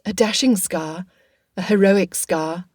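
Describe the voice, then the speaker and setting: A woman's voice: on the low side, slow pace, a little mellow, breathy edge, no room sound, clean studio sound. Woman doing a playful clever young lady.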